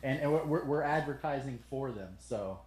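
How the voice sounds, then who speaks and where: A man co-hosting a casual podcast, speaking in a halting, hesitant way as he reads something aloud. His voice is mid-pitched, and the studio adds a roomy echo. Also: expressive, darkish tone. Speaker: podcast co-host.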